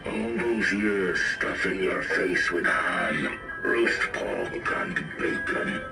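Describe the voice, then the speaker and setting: A man's voice: deep voice, slow, gravelly, full character voice. A man voicing a violent pig-headed butcher who gloats threateningly. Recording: distant, loud spooky music.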